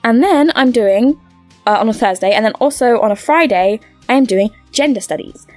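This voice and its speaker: A woman's voice: a little high, animated, normal speed, darkish tone, no room sound, soft background music. A young woman chatting to camera from home, bubbly and rambling, full of fillers and restarts. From United Kingdom. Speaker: YouTuber. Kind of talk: casual to-camera update chat.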